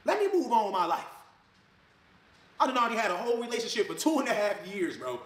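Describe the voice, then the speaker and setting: A man ranting to camera in a fired-up way, swinging between loud jabs and low mutters. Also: sing-song, quick pace. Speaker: online video creator. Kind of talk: heated rant to camera. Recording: echoey room.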